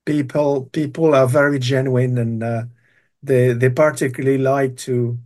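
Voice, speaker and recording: A man's voice: mid-range voice, flat delivery, moderate pace, darkish tone. A retired man in his sixties from Brittany with a French accent, speaking as an interview guest in a hesitant way with many fillers and restarts. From Brittany, France. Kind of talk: casual interview chat.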